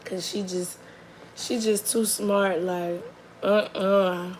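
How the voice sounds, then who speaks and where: A young woman, a mother, telling a rambling, animated story straight to camera, full of likes and restarts, often sinking into a soft murmur. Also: slow, slight background noise, low-quality recording. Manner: drops to a soft, low murmur for long stretches. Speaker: mother telling a story about her daughter.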